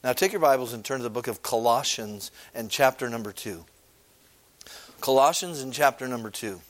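A man pastor preaching an evening sermon in a conversational way, asking rhetorical questions and reading scripture aloud, clearing his throat now and then. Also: mid-range voice, normal speed. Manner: conversational preaching, frequent rhetorical "okay?" and "amen?"; reads scripture aloud in old-fashioned wording.

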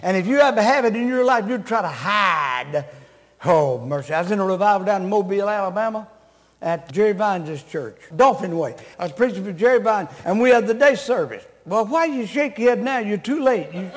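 Brief: high-pitched male preacher, blunt, scolding sermon with jokes, long hall reverb. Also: expressive, brisk. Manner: blunt, scolding, joking with the congregation. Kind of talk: revival sermon.

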